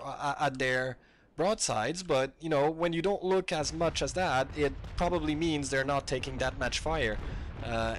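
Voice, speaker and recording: A man's voice: on the high side, fairly bright tone. Man, French accent, casual game commentator, hesitant, repeats himself, light background hiss. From France. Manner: hesitant, repeats words, chuckles often. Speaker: tournament commentator.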